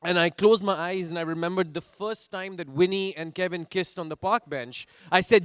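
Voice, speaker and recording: A man's voice: sits high, normal speed, hardly any pauses, a bit bright, clear, resonant tone, no echo, clean studio sound. A man from India with an Indian accent, chatting playfully on a panel and laughing often. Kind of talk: casual panel chat.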